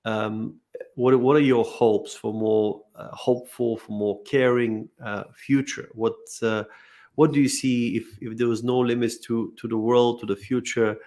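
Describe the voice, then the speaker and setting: A man hosting an interview, appreciative and halting, with many fillers. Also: medium pitch, flat delivery, dark tone. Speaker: host.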